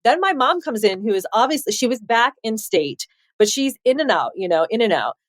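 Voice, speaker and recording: Woman in her 40s from chicago, kinda high voice, lively storyteller, dry close mic. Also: fairly quick, no room sound. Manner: animated, acts out quotes, laughs often. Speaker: podcast guest, author. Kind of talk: candid storytelling interview.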